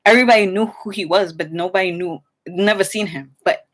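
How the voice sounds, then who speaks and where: A woman's voice: medium pitch, a little fast, a bit bright. A young woman telling a rambling, chatty story for her vlog, full of fillers and restarts. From New York City. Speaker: vlogger.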